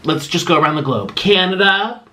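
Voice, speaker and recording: A man's voice: high voice, lively intonation, moderate pace, sharp tone. A man vlogger eating on camera and rambling emotionally through fan questions in casual chat.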